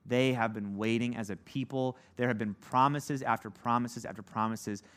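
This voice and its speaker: Teaching an informal Bible lesson, a man who preaches talks at a moderate pace in a clean, medium-pitched voice with a steady tone. His delivery is conversational and heavy on "like," and he performs the quoted voices of the story's characters.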